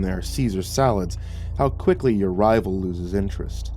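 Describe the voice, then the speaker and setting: A man narrating a scripted sci-fi horror story in a steady, measured way. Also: fairly low pitch, faint music behind.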